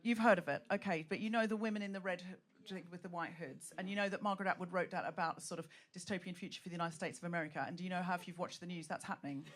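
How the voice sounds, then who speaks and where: A woman hosting a live comedy podcast on stage, rallying a laughing audience with animated, punchy banter. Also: lowish voice, rapid-fire, hardly any pauses, a crowd in the background. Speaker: podcast host.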